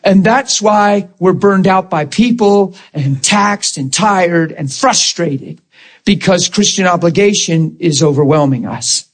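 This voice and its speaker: A man who is a Christian minister, telling stories in an animated chat, emphatic and often laughing as he talks. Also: high-pitched, slow pace.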